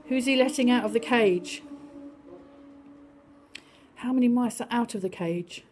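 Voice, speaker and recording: An older woman reading a picture book to young children, sing-song and animated, now and then dropping to a whisper. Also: a little high, moderate pace, a little hiss or hum.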